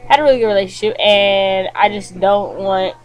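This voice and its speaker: A young college woman talks to her camera from her bed, casual and chatty. She leans on fillers like um and like and keeps an animated, conversational tone. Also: mid-range voice, normal speed, soft background music, poor audio. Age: young adult. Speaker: college student vlogger. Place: bedroom, indoors.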